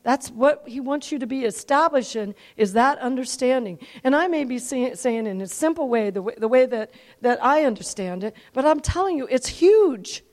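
Female preacher, high voice, animated sermon storyteller, quiet asides and loud emphatic peaks. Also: moderate pace, hardly any pauses. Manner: animated, rises to near-shouting when telling dramatic parts.

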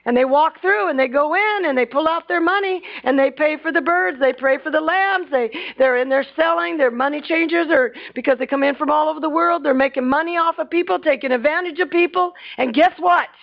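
A woman preaching a sermon, retelling Bible scenes and acting out their lines, swinging between loud bursts and hushed asides. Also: high voice, a little fast, vocal fry, few pauses. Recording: dull lo-fi recording.

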